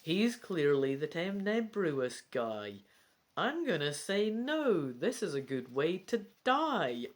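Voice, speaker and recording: A woman with a low voice reads a gamebook aloud and comments on every choice in a chatty, self-mocking way. Her pitch swings widely as she talks, and she sometimes drops into a whisper. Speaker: gamebook reader. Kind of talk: casual gamebook playthrough with reading aloud.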